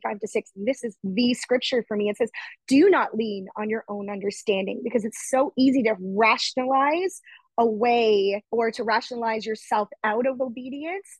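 A woman's voice: fairly high pitch, no room sound, low-quality recording. A woman guest talking earnestly about her faith in a casual conversation, often quoting her own prayers aloud.

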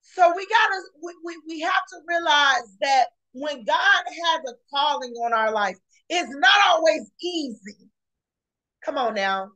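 Fiery, high-voiced woman preaching. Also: expressive, unhurried, poor audio. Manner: shouting, repetitive exclamations, colloquial. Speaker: podcast preacher. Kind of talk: fiery sermon.

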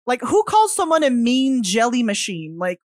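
A woman's voice: on the high side, sing-song, normal speed, a little mellow, dry recording. Chatty woman, dry close sound. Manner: chatty, laughs often, wondering aloud. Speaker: podcast co-host. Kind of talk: casual film discussion.

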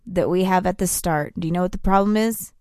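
A woman co-hosting a casual podcast with her partner, playful and quick to swear. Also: on the low side, a little mellow, clear, resonant tone, no room sound, studio quality. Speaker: podcast co-host. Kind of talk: casual couple chat.

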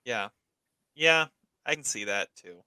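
Slow-talking bright male podcast host. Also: mid-range voice, expressive, clear, resonant tone, no room sound. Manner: easygoing, laughs often. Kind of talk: casual movie podcast chat.

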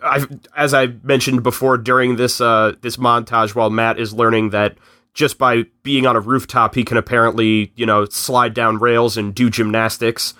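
Man, casual podcast recap, animated storytelling, bright tense tone, dry sound. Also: medium pitch, no room sound. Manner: animated storytelling with quick character quotes. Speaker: guest recapping a film.

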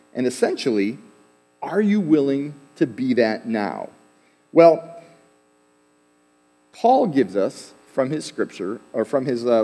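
A man preaching a sermon as pastor, in a relaxed, conversational way with fillers and asides. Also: mid-range voice. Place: church sanctuary. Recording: long hall reverb.

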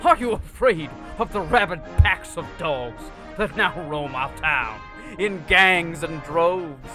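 A man's voice: on the high side, lively intonation, takes it slowly. A man voicing a pompous small-town judge in a mock campaign ad, with grandiose, florid delivery. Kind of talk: mock political ad. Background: clear music.

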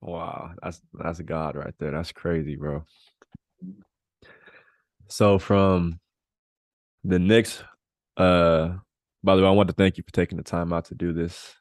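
Flat, gravelly low-voiced man. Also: takes it slowly, long pauses, no echo, clean studio sound. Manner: laid-back, slangy, laughs along. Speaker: podcast host. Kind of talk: interview questions, casual chat.

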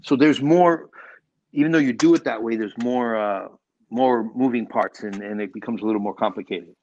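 A male filmmaker, interviewed as a guest, chats casually and rambles through animated stories with lots of restarts. He has a mid-range voice at a moderate pace, and the audio is dull.

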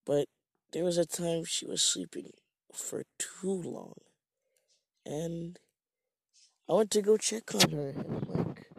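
A man's voice: a little high, takes it slowly, creaky, pauses often, no room sound, studio quality. A man from Jamaica telling a rambling, profane, self-mocking story in a casual monologue.

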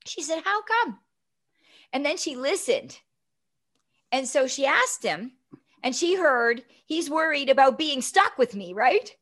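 A woman in her fifties, appearing as a guest, recounts a personal story in a lively, talkative way, frequently tossing in "right?" to check in. Her voice sits high and she keeps a measured pace.

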